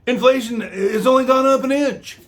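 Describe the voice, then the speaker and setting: A man putting on a high, drawling voice to mock a befuddled elderly male politician. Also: moderate pace.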